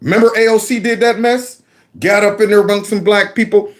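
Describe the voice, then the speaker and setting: A man talks through clips on his own channel, his voice pitched high and bouncing all over as he mocks what he plays. He breaks into squeals and laughter between points. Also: takes it slowly, creaky, pauses often. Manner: animated and mocking, with sudden high squeals and laughs. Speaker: channel host. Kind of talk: political commentary on video clips.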